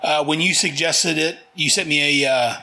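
Bright-toned man hosting a chat. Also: on the high side, moderate pace. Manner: jokey and laughing. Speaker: podcast host. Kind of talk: casual chat.

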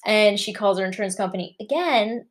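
A woman co-hosting a chatty podcast, delivering stories in a blunt, matter-of-fact way. Her voice is middle-pitched and her tone is dry. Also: fairly quick. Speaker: podcast co-host. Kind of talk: casual chat.

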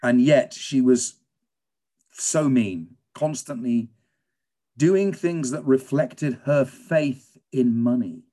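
A man's voice: medium pitch, takes it slowly. British man telling stories with gusto. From England. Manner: animated storyteller, lively and emphatic. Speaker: guest, teacher and storyteller. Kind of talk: conversational interview storytelling.

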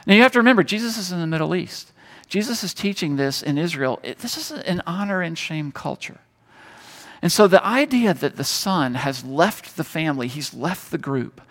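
A man preaching a sermon, telling a story and moving between loud emphasis and hushed tones. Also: a little high, creaky. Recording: long hall reverb.

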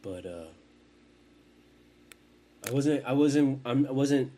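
Over background noise, a man in his forties speaks slowly but animatedly at medium pitch while hosting his podcast. His chat is casual and meandering, laced with swearing, and he often breaks off mid-thought.

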